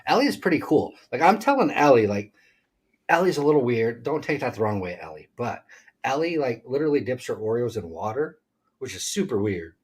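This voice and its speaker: A man's voice: mid-range voice, sing-song, fairly quick, slightly rough. A man co-hosting a casual livestream, joking and rambling as he reads comments from the chat. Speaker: livestream co-host. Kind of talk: casual live-stream chat.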